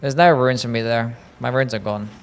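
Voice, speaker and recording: Gravelly-voiced man grumbling through gameplay. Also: mid-range voice, brisk. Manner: grumbling, self-pitying, repeats complaints, swears. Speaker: live streamer playing a game. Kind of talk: casual gameplay commentary.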